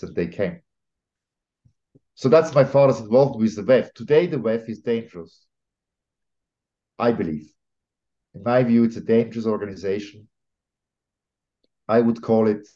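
A man from Switzerland, speaking as a guest on an interview podcast in an emphatic, opinionated way, often pausing with fillers and restarting sentences. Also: fairly low pitch, warm tone. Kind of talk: conversational interview. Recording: slightly dull lo-fi audio.

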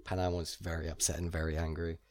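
Laid-back low-voiced man chatting. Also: level tone, fast, noisy background. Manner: rambling, laughs often, frequent fillers. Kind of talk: casual chat about a video game.

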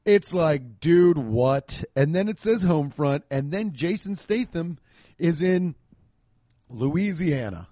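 A man's voice: fairly high pitch, lively intonation, takes it slowly, warm tone, dry recording. A man ranting about a movie in a casual, comedic way, sarcastic and profane, sounding exasperated.

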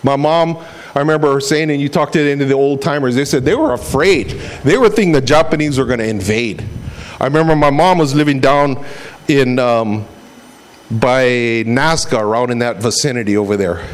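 A man's voice: medium pitch, brisk. A middle-aged man from Hawaii preaching a casual, conversational sermon, retelling a story with sound effects and repeated words. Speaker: pastor.

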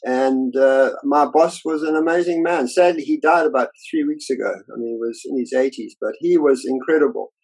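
An older man, an illustrator, telling lively anecdotes about his career in a casual interview and acting out the voices of people he quotes. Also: mid-range voice, normal speed, vocal fry, few pauses, rough recording.

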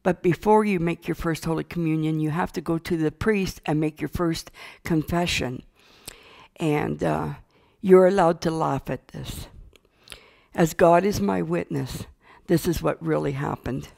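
An older woman telling a personal story from her childhood, earnest and unhurried, with small fillers. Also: low voice, fairly even intonation, vocal fry, warm tone. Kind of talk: personal testimony.

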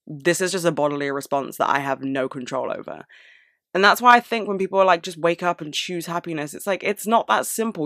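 A young woman speaking candidly to camera, frank and sweary, with animated outbursts. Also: low voice, no echo, studio quality. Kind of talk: candid personal monologue.

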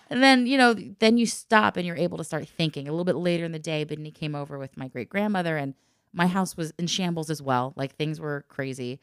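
A woman telling a personal story in casual chat, lively and laughing often as she acts out the voices of the people in it. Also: low voice, fairly quick, clear, resonant tone, no room sound, studio quality.

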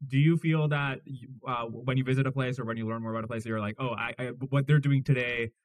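A man's voice: mid-range voice, steady tone, fast. A man hosting a podcast, asking long questions with many restarts and repeated words. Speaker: podcast host. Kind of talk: casual interview questions.

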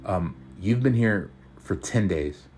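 A man voicing a nervous teenage girl who speaks in a hesitant, halting way. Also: deep voice, lively intonation, a little mellow, soft background music. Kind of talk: audiobook character voice.

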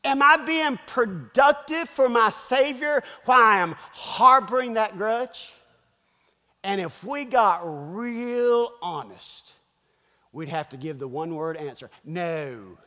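High-pitched pastor, emphatic sermon, rhetorical questions, reverberant hall. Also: male voice, bright, forceful tone. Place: church.

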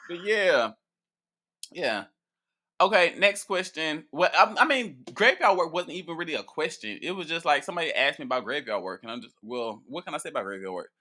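Man, priest answering viewer questions, loose profane chat, bright tone, playful, lots of laughs and restarts. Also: fairly high pitch, slight background noise. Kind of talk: casual chat.

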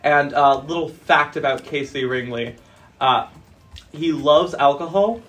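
A man introducing his character at a tabletop game, loud and joking. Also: on the high side, a little slow, distant mic. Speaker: player. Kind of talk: casual chat.

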